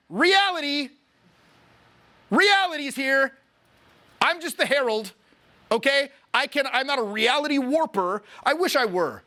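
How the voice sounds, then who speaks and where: A man's voice: high voice, fairly bright tone. Intense, profane male social skills coach. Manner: profane, intense, lectures and scolds, acts out quick examples. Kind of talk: fired-up coaching talk to camera.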